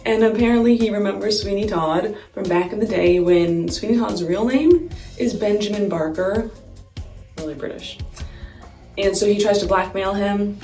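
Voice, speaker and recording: A woman's voice: medium pitch, normal speed, a little mellow. A young woman telling a story in a casual, chatty way, full of "like" and giggles, while doing her makeup. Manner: chatty, many "like" fillers, giggling. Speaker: vlogger. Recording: echoey room, far mic, faint music.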